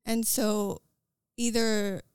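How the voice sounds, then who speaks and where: An American woman with a Scottish-tinged accent, talking as a podcast guest in an earnest, quick way with fillers and restarts. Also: mid-range voice, little pitch movement, a little mellow, clear, resonant tone, dry recording, clean studio sound. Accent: American with a Scottish lilt. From United States. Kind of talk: casual conversational interview.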